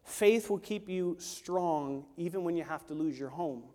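A man's voice: on the high side, a little slow. Man preaching in a reverberant church. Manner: preaching with sharp swings from hushed to loud. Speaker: pastor. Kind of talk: sermon. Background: worship team instruments.

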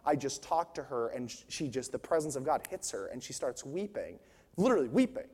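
A man's voice: mid-range voice, very animated, fairly quick, darkish tone, husky. A young man preaching a sermon on stage, telling personal stories and building to fervent, emphatic preaching. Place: large church hall on stage. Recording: long hall reverb.

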